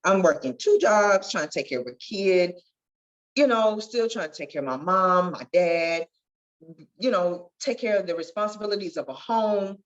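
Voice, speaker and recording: A nurse appearing as a podcast guest tells her life story in an earnest, testifying way that swells with feeling. Her medium-pitched voice is expressive and moves at a normal speed, and the sound is lo-fi in this emotional storytelling interview.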